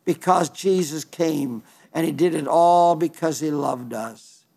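Gravelly-voiced man preaching a sermon. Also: on the high side, dark tone. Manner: earnest, with halting restarts and emphatic quoting.

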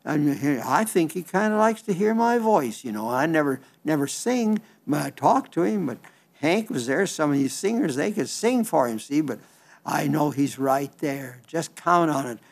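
A man's voice: on the high side, lively intonation, gravelly. Folksy older man preaching an Easter sermon. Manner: folksy, halting with repeated restarts.

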